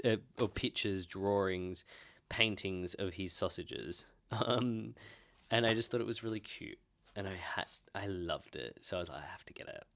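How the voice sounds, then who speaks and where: A young man in his twenties with an Australian accent and a notably deep, low voice. He talks loosely and rambles through his book purchases with a self-mocking streak, in the easy tone of a casual vlog. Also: gravelly, a bit bright. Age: 20s. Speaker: book vlogger. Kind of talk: casual book haul chat.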